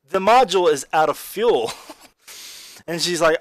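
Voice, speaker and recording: An excitable man with a fairly high voice talks through a movie review. He rambles and restarts his sentences, piling on fillers. The sound is close and dry, with no room in it. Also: moderate pace, long pauses, dry recording. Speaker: film reviewer. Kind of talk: casual spoken review.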